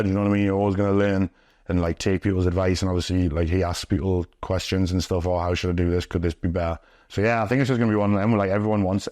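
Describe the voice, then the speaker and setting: A young man, talking low and deep. He rambles through stories in a casual, sweary way, full of fillers. The sound is dry and close. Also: darkish tone, no room sound. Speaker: interviewee, pro wrestler. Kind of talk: casual storytelling. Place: indoors, sit-down interview.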